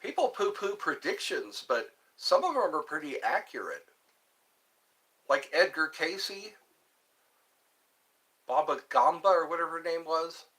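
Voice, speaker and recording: A man hosting a live stream alone, musing slowly and meandering while he answers viewer chat. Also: a little high, sing-song, pushed and bright. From United States.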